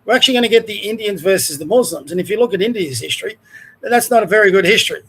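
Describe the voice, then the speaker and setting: A man's voice: sits high, animated, very fast, fairly bright tone, breathy edge. An Australian man hosting his own show, ranting in a heated, rambling way and trailing off mid-sentence. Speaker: show host. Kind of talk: ranting commentary.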